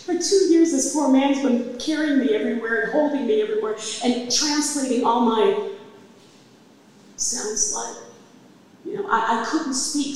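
A middle-aged woman tells her own story live on a club stage, pressing her words with emphatic, impassioned force. Her voice sounds distant, carried by a long, echoing room reverb over a faint hum of noise. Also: on the high side. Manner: emphatic and impassioned, building to loud peaks.

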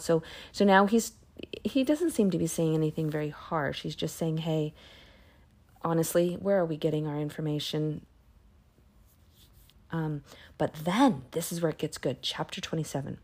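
A woman with a low, mellow voice reads scripture aloud in a relaxed, chatty way. Between passages she muses aloud and slips into quiet whispered asides. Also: normal speed. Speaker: Bible reading podcaster. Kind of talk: casual Bible reading and commentary.

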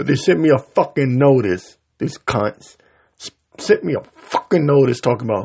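A man's voice: medium pitch, big pitch swings, normal speed, gravelly, a little mellow, husky. A man hosting his own podcast, delivering an angry, heated, profanity-laced rant and tripping over his words. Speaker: podcast host. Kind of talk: ranting solo podcast.

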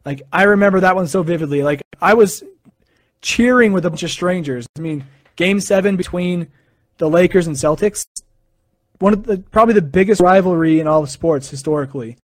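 A man's voice: sits high, fairly quick, no room sound. A young man from the United States talking casually and rambling to a live audience, with fillers and self-corrections. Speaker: live stream host. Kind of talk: casual sports chat.

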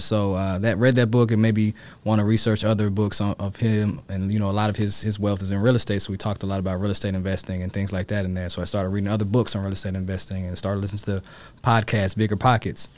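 Speaking fast in a lowish voice, this man, a real estate agent, shares his story during a relaxed interview. He's lively and performs the quotes by raising his voice.

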